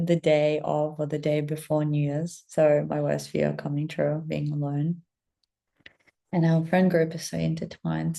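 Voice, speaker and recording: A young woman telling an emotional personal story to her listeners, swearing a lot and often dropping into soft whispers. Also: sits low, gravelly. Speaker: spiritual content creator. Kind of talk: confessional storytelling to camera.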